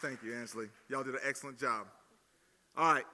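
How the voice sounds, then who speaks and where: Bright, teasing Southern pastor in a hall. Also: male voice, mid-range voice, a little fast, slight background noise. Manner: jokey, teasing, energetic with crowd. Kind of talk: playful sermon with audience demo. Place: large hall at student gathering. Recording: long hall reverb.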